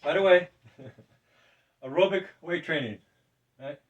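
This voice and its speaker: Older guy talking through his gym routine, kinda high voice, sounds a bit away from the mic, chatty and laughing. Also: takes it slowly, recorded from a distance, dull audio, a little hiss or hum. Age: 60s. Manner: loose and chatty, laughs often, says "right?" a lot. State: breathing deeply between sets. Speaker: fitness presenter. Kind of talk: casual workout demonstration.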